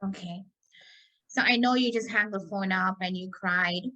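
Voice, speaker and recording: A woman interviewer asks calm, gentle questions. Her voice is bright and forward, at a middle pitch for a woman. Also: moderate pace, muffled recording. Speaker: interview host.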